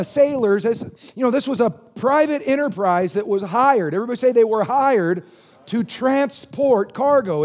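A man's voice: very high-pitched, a little mellow. A middle-aged man, a pastor, preaching a sermon and having the congregation repeat phrases back to him. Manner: call-and-response preaching, asks congregation to repeat.

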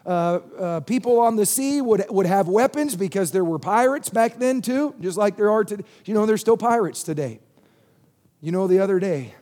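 A man's voice: high voice, darkish tone. A middle-aged man, a pastor, preaching a sermon and having the congregation repeat phrases back to him. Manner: call-and-response preaching, asks congregation to repeat.

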